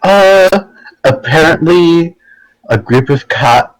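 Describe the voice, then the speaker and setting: A man playing his character in a tabletop game, halting and playful, with many restarts. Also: on the high side, lively intonation, no echo, low-quality recording. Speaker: player.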